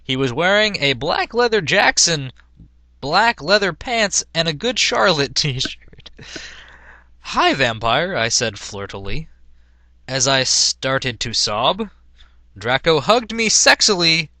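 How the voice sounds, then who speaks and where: A man's voice: on the high side, sing-song, slow, bright, forceful tone, no room sound. A man reading a badly written story aloud in a mock-dramatic, sarcastic way, with laughing asides. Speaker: comedic reader.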